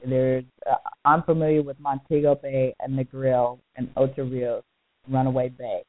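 Host on a tinny phone line. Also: male voice, medium pitch, level tone, moderate pace. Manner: short friendly back-channel remarks. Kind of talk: interview questions.

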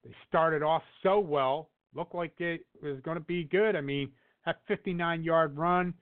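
A man co-hosting a casual sports chat, rambling through fillers and restarts. His voice sits somewhat high, and the audio is narrow and tinny, like a phone line. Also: unhurried. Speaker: podcast co-host.

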